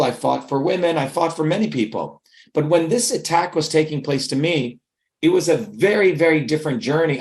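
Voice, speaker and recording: Emphatic middle-aged man, higher-pitched. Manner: emphatic, rhetorical, checks in with listener. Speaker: interview guest. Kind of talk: impassioned interview answer.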